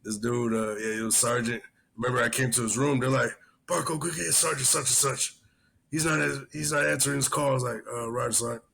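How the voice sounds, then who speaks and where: Man, podcast co-host, casual chat, profane, rambling, animated, mid-pitched voice. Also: a little fast, gravelly, breathy edge.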